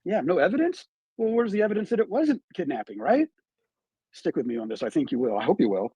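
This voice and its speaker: Emphatic man with a lively high voice. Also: fast, husky, dry recording, lo-fi sound. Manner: emphatic, rhetorical questions. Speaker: true crime commentator. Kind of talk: live stream commentary. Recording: played back from a live stream.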